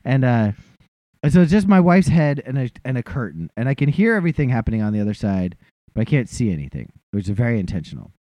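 Man telling a story with animated pitch. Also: fast talker, dry recording, highs cut off. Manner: self-deprecating, acts out other people's lines. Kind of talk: casual comedic storytelling.

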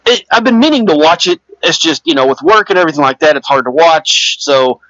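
A relaxed man in casual podcast chat, giving his opinions and leaning on fillers. His voice is a touch high. The sound is dry and a little dull. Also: brisk, no echo. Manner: laid-back, filler-heavy, offers opinions. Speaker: podcast co-host.

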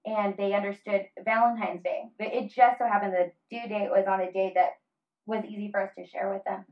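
A woman in her thirties talking earnestly about family and faith in a casual conversation, with many fillers and pauses. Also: mid-range voice, flat delivery. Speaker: guest. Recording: slightly dull lo-fi audio.

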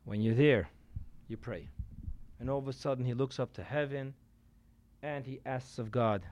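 A man, a rabbi, giving a sermon to a live audience in a room, telling stories and shifting from loud emphasis to quiet asides. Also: medium pitch, fairly even intonation, normal speed.

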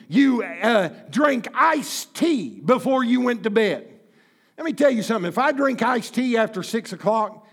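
A pastor in his fifties preaching a sermon in church, impassioned and folksy, with bursts of shouting. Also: very high voice, creaky. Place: church sanctuary.

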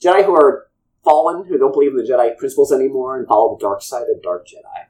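A man co-hosting a podcast, telling a long fan story in a rambling, animated chat. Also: medium pitch, fast talker. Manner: rambling, animated retelling of lore. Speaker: podcast co-host.

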